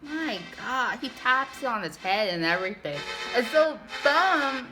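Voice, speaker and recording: Host, woman, casual sarcastic recapper, clear music bed underneath. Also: on the high side, lively intonation, a little slow. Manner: sarcastic, chatty, lots of "like".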